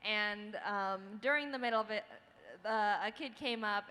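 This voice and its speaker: A woman excitedly telling a fan story on a panel, laughing as she goes. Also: moderate pace. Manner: high and excitable, laughs through stories. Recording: reverberant hall.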